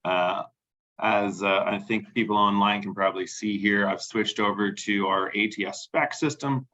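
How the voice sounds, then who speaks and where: A man hosting a webinar and walking through a software demo, speaking casually with many fillers. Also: on the low side, fairly even intonation, normal speed, highs cut off. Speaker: webinar host.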